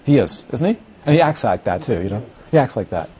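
A man's voice: mid-range voice, sing-song, a little fast, mellow, a little hiss or hum. A middle-aged man teaching a class on Buddhist philosophy in a rambling, conversational way, often checking whether his listeners follow. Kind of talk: lecture to a class. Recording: dull lo-fi recording.

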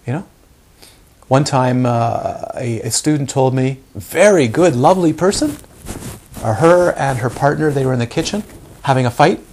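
A man's voice: mid-range voice, animated, normal speed, a little mellow, slight background noise. A man giving a meditation teacher's live talk to a group, often questioning the audience and acting out examples.

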